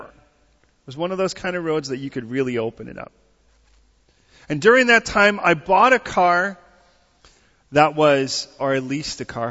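High-voiced preacher in a reverberant hall. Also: male voice, a bit bright. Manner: conversational storyteller, builds to emphatic preaching; checks in with listeners through questions. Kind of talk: storytelling sermon. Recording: dull audio with long hall reverb.

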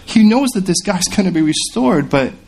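A man's voice: high-pitched, normal speed. A male pastor preaching a sermon, slipping into the voices of the people in the story he tells. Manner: expressive preaching, acts out the voices of biblical figures.

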